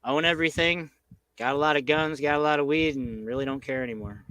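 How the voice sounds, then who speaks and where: A man's voice: a little high, quick pace, sharp tone, no room sound, rough recording. A man hosting a casual chat, rambling and profane in laid-back banter. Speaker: host.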